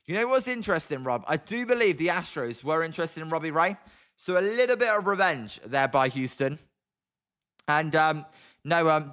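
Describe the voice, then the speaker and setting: Fast-talking young British man. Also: a little high, bright, forceful tone. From Britain. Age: young adult. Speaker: live stream host. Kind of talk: live watch-along commentary and chat replies.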